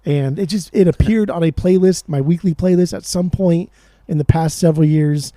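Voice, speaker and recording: Excitable, foul-mouthed man, mellow voice. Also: a little high, dry recording, studio quality. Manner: excitable, swears a lot, fast bursts. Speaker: podcast co-host. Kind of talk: casual chat about music.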